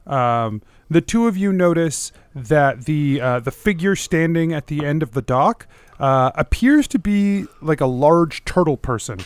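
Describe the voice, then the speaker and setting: A man narrating as game master of a tabletop game, pausing often with "uh". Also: on the high side, animated, smooth, no echo. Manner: hesitant, with many "uh" pauses.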